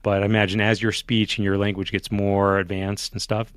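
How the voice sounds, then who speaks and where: A man's voice: on the low side, flat delivery, fairly quick, smooth, dry recording, studio quality. A man hosting a podcast, chatting in a friendly, playful way and laughing at his own stories. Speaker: podcast host. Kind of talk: podcast interview and outro.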